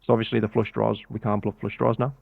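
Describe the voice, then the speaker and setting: A British man coaching poker in a relaxed, step-by-step way over a video call. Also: on the low side, fast talker, gravelly, no echo. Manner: relaxed, explains step by step with filler "yeah". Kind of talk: casual coaching explanation. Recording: tinny phone-like call audio.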